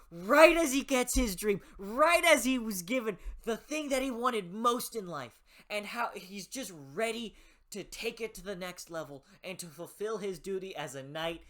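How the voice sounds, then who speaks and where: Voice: medium pitch, a bit bright. A book reviewer talking in a casual, passionate way, swearing freely and often restarting sentences while thinking aloud.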